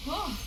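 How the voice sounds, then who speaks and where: A woman's voice: on the high side, very noisy, heavily acted. A woman voicing a nervous young female ship crew member in a game, worried and sighing. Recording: distant voice under loud music.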